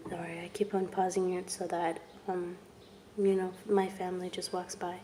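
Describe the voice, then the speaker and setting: A young woman speaking to camera in a low, flat, mellow voice. She talks haltingly, pausing often and letting words fall to a whisper. The delivery stays subdued throughout. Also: a little hiss or hum. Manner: halting and soft, with long pauses and trailing whispers. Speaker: vlogger. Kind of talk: personal testimony vlog.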